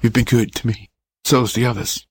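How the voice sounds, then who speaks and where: Little dying boy, read by a man, faint whisper, slow, dry close sound. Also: mid-range voice, little pitch movement, slightly rough, dry recording, close to an everyday voice. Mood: weak.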